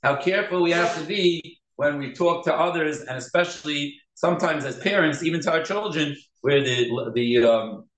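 Rabbi type, man, lively Torah class lecture, slightly high voice, roomy echo. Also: moderate pace, hardly any pauses. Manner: animated, switches between Hebrew terms and English, acts out quoted speech.

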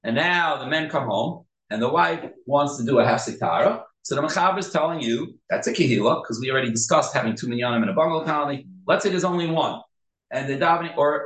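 A man's voice: mid-range voice, fairly bright tone. Man teaching a Torah class, echoey room. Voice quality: Yeshivish English with Hebrew and Yiddish terms. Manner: explains step by step, repeats key points. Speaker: rabbi teaching a halacha class.

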